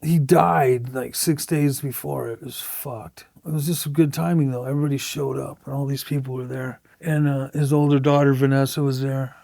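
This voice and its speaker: A man's voice: mid-range voice, steady tone, normal speed, gravelly, few pauses, warm tone, dry recording, studio quality. A middle-aged man, a tattoo artist being interviewed, telling blunt, profane stories and acting out the quotes. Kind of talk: casual storytelling interview.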